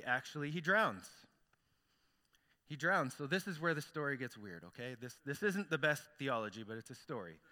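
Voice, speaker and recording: A man's voice: a little high, sharp tone. Man, pastor, conversational sermon, resonant, long hall reverb. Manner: storytelling, conversational.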